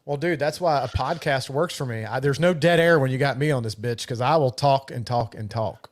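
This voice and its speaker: A middle-aged man with a mid-range voice talks briskly as a co-host of a live podcast. The chat is casual and talkative, and he swears freely and laughs easily.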